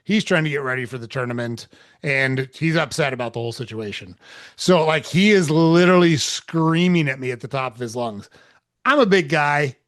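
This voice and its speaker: A man's voice: fairly high pitch, moderate pace, fairly bright tone, no echo, studio quality. A man hosting a podcast who tells a story in a laid-back, casual way, swearing now and then and acting out the dialogue.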